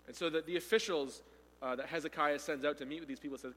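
A man preaching a sermon, retelling a story with animated delivery and acting out the quoted speakers. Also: a little high, fast talker, in a large hall.

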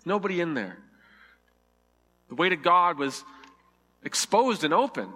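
A man's voice: a little high, very animated, measured pace, pushed and bright, big-room sound. A man preaching a sermon, earnest and vivid, acting out the scripture dialogue with shifting emphasis. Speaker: pastor.

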